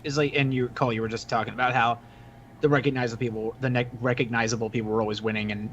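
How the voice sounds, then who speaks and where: A man co-hosting a casual wrestling podcast, excitable and swearing casually. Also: mid-range voice, rapid-fire, muffled recording, a little hiss or hum. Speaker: podcast co-host.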